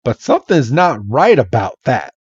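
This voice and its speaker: A man's voice: medium pitch, big pitch swings, normal speed, darkish tone, husky, no room sound, lo-fi sound. A man voicing a nervous young male Pokémon trainer who stammers and hesitates. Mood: jumpy, unsure.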